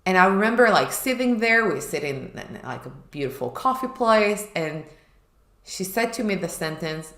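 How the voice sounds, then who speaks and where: A woman's voice: mid-range voice, expressive, moderate pace, fairly bright tone. A woman co-hosting a chat show, telling a personal story candidly and acting out her past self. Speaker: podcast co-host. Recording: echoey room.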